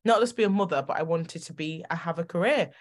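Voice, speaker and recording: A woman hosting a podcast, telling personal stories in an animated, emotional way with quick bursts of speech. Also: lowish voice. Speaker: podcast host. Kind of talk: casual interview chat.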